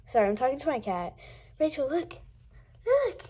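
A young woman chatting casually while unboxing toys, gushing and gasping often, sometimes dropping to a breathy coo. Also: high-pitched, lively intonation, quick pace, warm tone.

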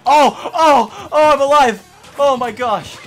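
A young man playing a game with friends, reacting with excited, swearing outbursts. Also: very high voice, takes it slowly. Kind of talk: live gameplay banter with friends. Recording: game music behind.

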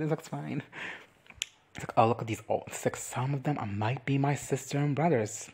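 A man giving a crude, campy comedic recap of a TV episode. He talks sassily, swears freely and acts out the characters in quick quoted lines. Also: mid-range voice, breathy edge. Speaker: reaction recap vlogger.

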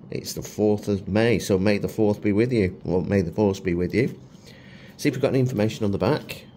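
A man's voice: lowish voice, dark tone, slight background noise. A middle-aged man reviewing food for his vlog in a chatty, self-mocking way with chuckles. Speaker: food vlogger.

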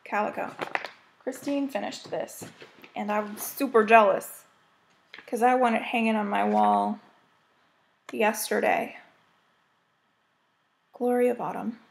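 A woman's voice: mid-range voice, steady tone, takes it slowly, vocal fry, pauses often, slight background noise. An American woman chatting casually as she shows her cross-stitch projects, rambling and gushing over them. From United States. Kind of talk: casual show-and-tell chat.

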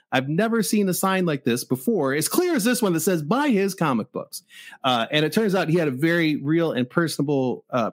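A comic shop owner from Michigan, in his forties, telling a story in a casual, animated way and acting out both sides of the exchange. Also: on the high side, no room sound.

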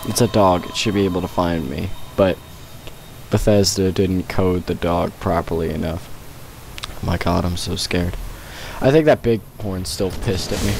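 A young gamer sits at his computer giving casual let's-play commentary in a deep, gravelly, slightly mellow voice at a moderate pace. He often laughs and breaks into panicky yelps and shrieks.

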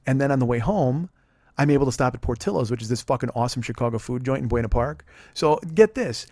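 A man's voice: medium pitch, expressive, fast talker, a little mellow, no echo, clean studio sound. A man in his forties hosting a podcast, telling rambling, profane comic stories with lots of restarts. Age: 40s. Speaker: podcast host. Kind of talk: casual comedic storytelling.

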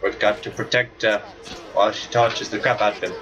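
A man giving casual let's-play commentary over a video game, excitable and joking, swearing casually. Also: fairly low pitch, brisk, distant mic, muffled recording. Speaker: gameplay commentator. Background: game music.

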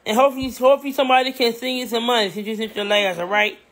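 A woman's voice: on the high side, fairly even intonation, racing. A woman livestreaming in casual talk, repeating herself insistently and swearing a lot. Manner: repetitive, insistent, swears heavily.

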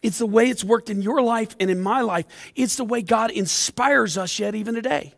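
A male pastor preaching an impassioned sermon in a church, swinging between loud passages and hushed ones. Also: sits high, normal speed, gravelly, big-room sound. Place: church sanctuary.

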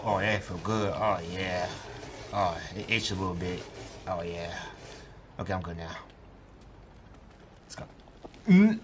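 A gaming streamer with a low, lively voice speaks a little slowly with long pauses, joking, swearing freely, and talking to the screen during casual let's-play commentary. Game music plays loudly behind him, and there's a little hiss or hum.

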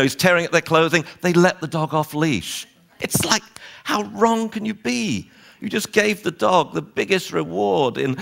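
A man lecturing a seminar on dog training, animated and wryly exasperated, acting out owners and dogs as he goes. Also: on the high side.

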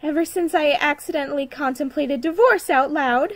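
A woman's voice: high voice, normal speed, dry recording, voice pushed up, natural voice. A woman voicing a flustered, scatterbrained cartoon mother with a chatty, flighty manner. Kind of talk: cartoon voice acting demo.

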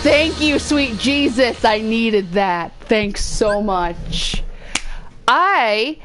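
A young woman gamer narrates her play and swings widely from high to low in her voice. She talks slowly and often swears. Loud game music plays behind her. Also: animated. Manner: exasperated, swearing, talking to viewers. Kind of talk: let's play commentary. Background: loud video game music.

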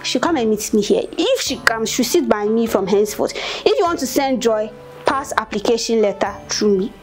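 A woman's voice: on the high side, animated, moderate pace, faint music behind, lightly acted. A woman playing a bossy Ghanaian office gossip. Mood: indignant. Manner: indignant, repetitive ranting. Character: bossy, gossipy young office woman who claims the new intern. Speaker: office colleague. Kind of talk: comic web-series acting.

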